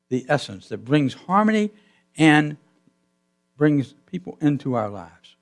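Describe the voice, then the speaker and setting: Male pastor, storytelling sermon in a church, mid pitch, voice rises and falls. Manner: storytelling, voice swelling and dropping to a hush. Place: church sanctuary.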